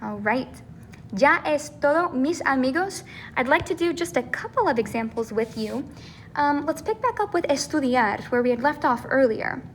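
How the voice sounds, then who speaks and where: A woman's voice: sits high, animated, moderate pace, slight background noise. Patient woman teaching a grammar lesson. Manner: patient, explains step by step with frequent "okay?" and "right?". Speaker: Spanish teacher.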